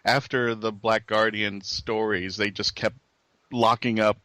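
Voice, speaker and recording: Lower-voiced guy cohosting a fan podcast, rambly, dry close mic. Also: little pitch movement, a little slow, sharp tone, no echo. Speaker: podcast co-host. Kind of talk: casual fan podcast chat.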